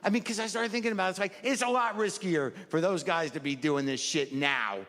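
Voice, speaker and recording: A man's voice: sits high, a little fast, fairly bright tone. A man performing a stand-up routine on a live stage, telling a rambling, stammering, self-deprecating story. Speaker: stand-up comedian. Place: live comedy stage before an audience. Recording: reverberant live hall with audience.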